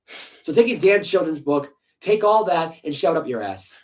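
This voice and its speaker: A sports podcast co-host rants heatedly, swearing and firing off sarcastic rhetorical questions. His voice sits a little high and is very animated, moving at a moderate pace, and the recording quality is low.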